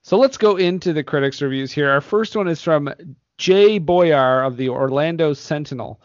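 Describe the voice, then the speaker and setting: A man's voice: fairly high pitch, normal speed, dry recording, lo-fi sound. A man hosting a casual movie podcast, laughing often as he reads reviews aloud. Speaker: podcast host.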